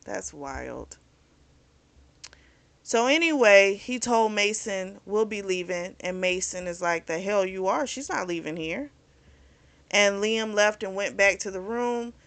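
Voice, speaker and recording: A woman's voice: mid-range voice, lively intonation, slow, a bit bright. A woman host recapping and reviewing a novel in a casual, candid, chatty way, with frank opinions. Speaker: book review channel host.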